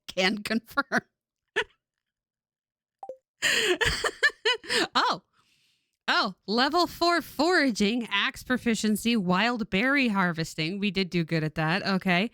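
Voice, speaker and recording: A woman's voice: mid-range voice, slow, dry recording. A woman in her forties from California, chatting casually and laughing often while streaming a game. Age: 40s. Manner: rambling, laughs often, animated.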